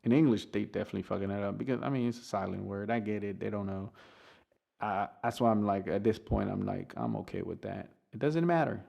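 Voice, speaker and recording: A man's voice: on the low side, fast, gravelly, warm tone. A man, a native Spanish speaker, hosting his podcast in a rambling casual monologue, full of restarts and swearing freely. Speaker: podcast host.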